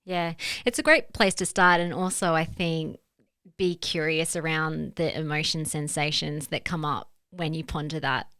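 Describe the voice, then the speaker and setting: A woman's voice: low-pitched, steady tone, moderate pace, a bit bright, clean tone, no echo. A woman hosting a podcast interview, affirming and encouraging as she asks her questions. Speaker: podcast host.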